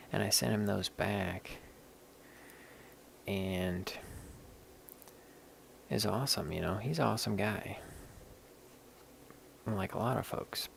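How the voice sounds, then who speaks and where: A man's voice: on the low side, measured pace, creaky, long pauses, slight background noise. A man rambling candidly in casual live-stream chat while showing stones, swearing now and then. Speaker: livestream host showing stones.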